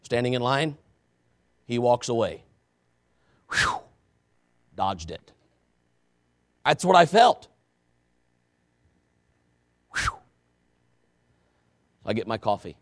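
A man preaching a sermon, telling a story with asides to the congregation and swinging from shouting to quiet confession. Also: mid-range voice, very animated, measured pace, long pauses.

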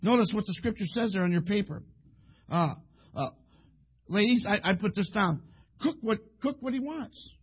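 A rambling preacher man delivers a folksy sermon and slips into acting out husbands and wives. His voice sits high for a man. It has a husky, slightly breathy edge. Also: animated, normal speed, long pauses. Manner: folksy, rambling, acts out quoted couples.

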